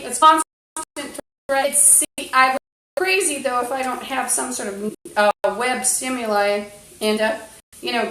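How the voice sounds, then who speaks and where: A high-voiced woman livestreaming a rambling monologue into a phone or camera mic. She sounds agitated and swears constantly, stumbling through fillers and restarts. A faint hiss sits under her voice. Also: fairly bright tone, rough recording.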